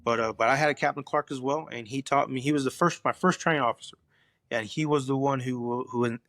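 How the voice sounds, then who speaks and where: A man's voice: mid-range voice, a little fast, no room sound. Firefighter guy telling stories on a podcast, earnest, keeps restarting, mid voice, dry close sound. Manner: earnest, animated storytelling with many restarts. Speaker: guest, career firefighter and instructor. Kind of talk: casual conversational interview.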